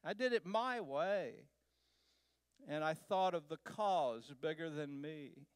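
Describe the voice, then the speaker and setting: Slow-telling man from Texas, high clear voice. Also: expressive, no echo. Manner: slow, unhurried storytelling with pauses. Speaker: guest speaker. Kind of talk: personal travel story told to a church. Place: church sanctuary.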